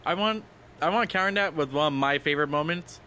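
A man's voice: on the high side, quick pace, pushed and bright, slight background noise. A man co-hosting a casual gaming podcast, friendly and enthusiastic in conversation. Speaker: podcast co-host.

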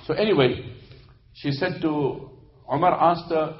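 A male preacher telling stories in a sermon, animated, switching between loud emphasis and hushed narration. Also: on the high side, a little slow, pauses often, highs cut off. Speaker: Islamic preacher. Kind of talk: sermon storytelling.

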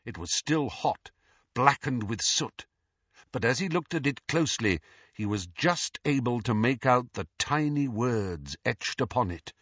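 Male audiobook narrator, expressive, bright voice, slow pace. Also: mid-range voice, breathy edge, no echo, muffled recording. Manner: dramatic, expressive reading. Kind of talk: scripted narration.

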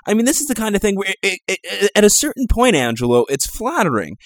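A man's voice: high-pitched, very animated, quick pace, few pauses, dry recording. A man co-hosting a casual talk show, rambling along with many fillers and restarts.

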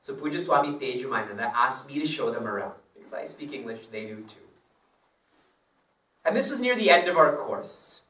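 A man's voice: medium pitch, sing-song, moderate pace, sharp tone. A man teaching as a spiritual teacher, telling personal stories in a chatty way and laughing along with them. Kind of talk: devotional discourse with personal stories. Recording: roomy sound from a distant mic.

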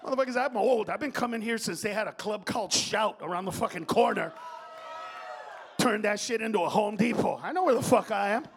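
High-voiced profane shouting comedian man. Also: brisk, vocal fry, a faint crowd, a little hiss or hum. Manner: profane, shouting, mixes in Spanish slang. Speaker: stand-up comedian. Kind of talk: live stand-up comedy. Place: comedy club stage.

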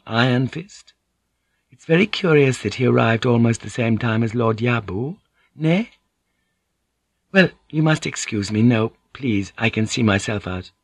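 A man's voice: mid-range voice, slightly rough, dry recording. A man voicing a polite, tactful young courtesan with a soothing, diplomatic manner.

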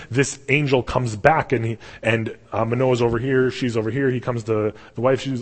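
A young man preaching a sermon in a casual, animated storytelling way. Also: mid-range voice, moderate pace, few pauses. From Canada. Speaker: pastor. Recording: long hall reverb.

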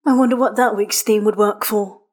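A woman reading the part of a flamboyant, sharp-tongued vampire man in an audiobook of fan fiction. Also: mid-range voice, steady tone, normal speed, close to an everyday voice. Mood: teasing. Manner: mocking, theatrical.

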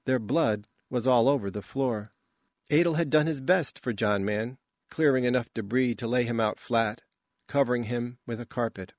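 A man giving scripted audiobook narration in a measured, even tone. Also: mid-range voice, no echo, studio quality.

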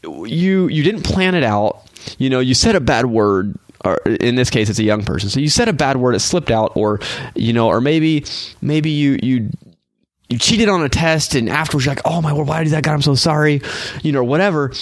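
A young adult man hosting a faith podcast, talking in a casual, animated way and acting out quoted voices. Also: medium pitch, normal speed, no room sound, clean studio sound. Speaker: podcast host and minister.

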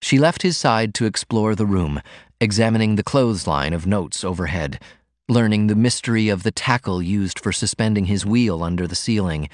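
A man narrating a novel aloud in an expressive, scripted reading. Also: lowish voice, no room sound, clean studio sound. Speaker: audiobook narrator.

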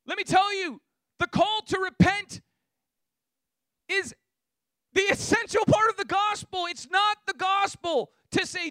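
A man preaching a sermon with passion, building to shouts. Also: very high-pitched, measured pace, long pauses, no room sound, clean studio sound. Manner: impassioned, rising to shouts.

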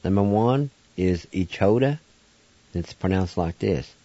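A man's voice: low-pitched, animated, a little slow, dark tone, dry recording, dull audio. A man giving a radio language lesson, patiently spelling words out syllable by syllable and pronouncing them. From Oklahoma, United States. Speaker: language teacher.

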